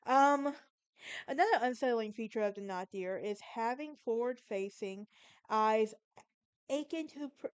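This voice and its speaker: A woman's voice: fairly high pitch, measured pace, clear, resonant tone, no room sound. A young woman from Alabama with a Southern accent, hosting a casual solo podcast and chatting through a story, often stumbling and correcting herself. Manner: chatty, self-correcting, stumbles over words. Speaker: podcast host.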